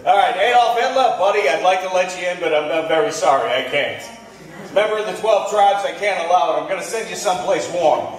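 A man doing a live stand-up set on stage before an audience, animated and breaking into loud outbursts. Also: sits high, fairly quick. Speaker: stand-up comedian. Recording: echoey room, mic from far off.

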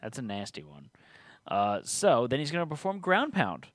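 A man's voice: medium pitch, huge pitch swings, moderate pace. A man hosting a tabletop game stream, reading rules aloud and teasing his co-player. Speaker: game host. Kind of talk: casual tabletop game play.

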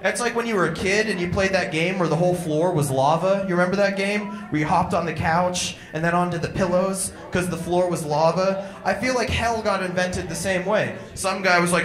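A man's voice: high-pitched, brisk, few pauses, reverberant. A young man performing a crude, irreverent stand-up comedy set, mocking and blunt. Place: comedy club stage.

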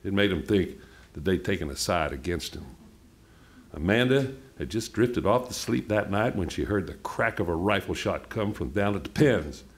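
A man reading a novel aloud at a book event in an unhurried, plainspoken way. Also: low-pitched, expressive. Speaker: reader.

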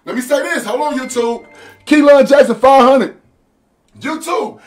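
A man streaming a video game live, talking loudly and brashly to his viewers with profane trash talk. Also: extremely high pitch, brisk. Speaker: livestreaming video game player. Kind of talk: hyped livestream talk to viewers. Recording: echoey room, far from the mic.

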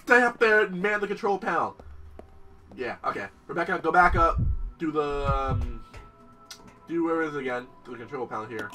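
A young man commentating his gameplay, excitable and profane, talking straight to the game and its characters. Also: a little high, moderate pace, pauses often, far from the mic, faint music behind. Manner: excitable, swears a lot, talks to the game and its characters. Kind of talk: let's play commentary.

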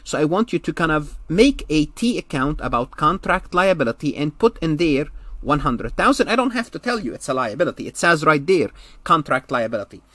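A man's voice: fairly high pitch, big pitch swings, brisk, fairly bright tone, dry recording. A man lecturing on accounting, explaining step by step and repeating key points, with slightly nonstandard phrasing. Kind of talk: recorded lecture.

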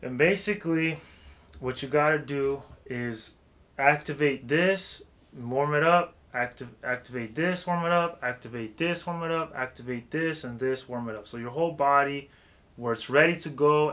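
A man giving a casual vocal warm-up tutorial, talking loosely with lots of filler phrases. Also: medium pitch, moderate pace. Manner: loose and chatty, heavy with "like" and "you know what I'm saying".

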